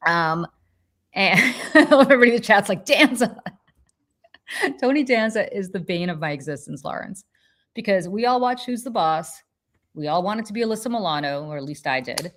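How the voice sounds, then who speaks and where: A woman hosting a podcast, telling a story in casual chat with lively, profane energy. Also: medium pitch. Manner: animated, profane, quick restarts. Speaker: podcast host.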